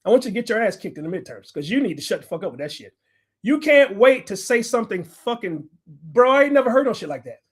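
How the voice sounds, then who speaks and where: A man's voice: high-pitched, sing-song, quick pace, husky. A man in his forties from the United States, ranting bluntly and profanely in heated livestream commentary. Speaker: livestream host, general contractor.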